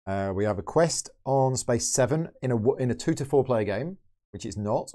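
Mellow man thinking aloud. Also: medium pitch, expressive, normal speed. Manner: thinks aloud, counting and explaining moves. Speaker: board game channel host. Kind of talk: solo game playthrough commentary.

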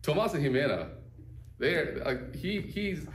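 A man's voice: fairly high pitch, big pitch swings, unhurried. A man co-hosting a casual chat, rambling loosely with lots of fillers. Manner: rambling, loose, many "like" and "you know" fillers. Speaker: podcast co-host. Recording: roomy echo, distant from mic, faint background hum.

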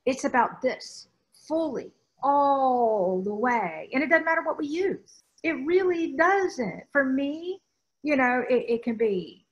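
A spiritual teacher from the US South talks emphatically in conversation, rambling and often restarting her sentences. Her voice sits high and is very animated, though her pace is slow. The recording is muffled.

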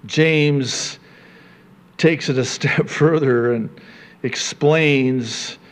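A male pastor preaching a sermon, swinging between loud, high emphasis and low, quiet asides, with conversational chuckles to his congregation. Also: drawn-out words.

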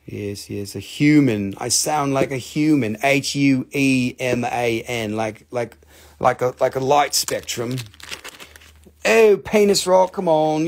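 A man with a medium-pitched, creaky voice sells crystals on a live stream. He keeps the chat casual, rambling and joking with crude humor and silly put-on voices.

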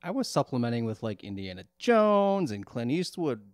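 A man's voice: medium pitch, big pitch swings, moderate pace, dry recording. A man co-hosting a podcast, dropping dry, wry interjections in casual banter. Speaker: podcast co-host.

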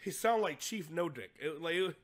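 A young man hosting a show, telling a profane comic story, laughing hard and acting out quotes in a low voice. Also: animated, moderate pace.

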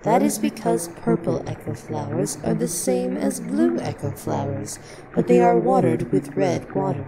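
A woman voicing a cryptic hooded river ferry monster who talks in slow riddles and sing-song nonsense. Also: fairly low pitch, big pitch swings, gravelly, a loud crowd. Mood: riddling. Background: music.

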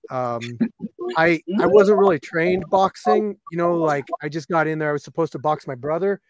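A man with a fairly high voice talks easily about his fighting past as a guest. His stories come out loose and chatty, and his sound is dry and close. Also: moderate pace, no room sound. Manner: easygoing, chatty storytelling. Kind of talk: casual interview.

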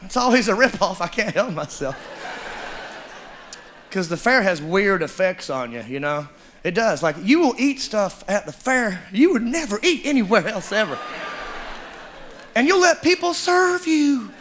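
A man doing a stand-up comedy set, drawling and animated. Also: high voice, a little slow, long pauses. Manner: drawling storyteller, animated and loud, mimics characters. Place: comedy club stage with live audience. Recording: live club recording, audience noise.

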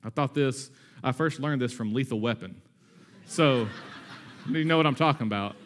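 A man in his thirties preaching a sermon in a conversational, energetic way, with asides and humor. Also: medium pitch, moderate pace, a little hiss or hum. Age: 30s. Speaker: pastor.

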